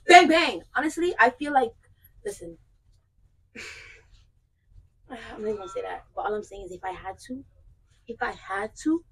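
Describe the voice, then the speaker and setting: A woman's voice: mid-range voice, expressive, normal speed, creaky, long pauses, fairly bright tone, breathy edge, poor audio. A young woman chatting casually and playfully in a clothing try-on vlog, with joking asides. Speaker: vlogger.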